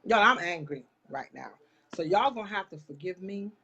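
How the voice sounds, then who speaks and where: A woman's voice: fairly low pitch, expressive, moderate pace, sharp tone, breathy edge. A woman hosting a live online talk show, speaking straight to her viewers in an impassioned, churchy way. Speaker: live-stream host. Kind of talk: casual live chat.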